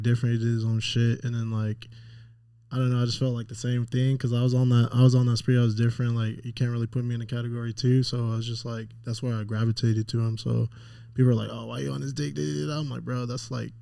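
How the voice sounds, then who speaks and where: A man's voice: medium pitch, vocal fry, dark tone, no echo. A young man as a podcast guest, talking in a laid-back, slangy way with lots of "like". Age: young adult. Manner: laid-back, slangy, lots of likes and you know what I mean. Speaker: podcast guest, clothing brand owner. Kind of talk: casual podcast chat.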